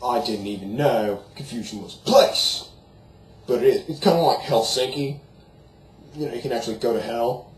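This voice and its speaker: A man's voice: mid-range voice, close to an everyday voice. A young man putting on a goofy, dim-witted young guy who rants in a crude, profane slacker drawl. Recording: roomy echo, faint background noise.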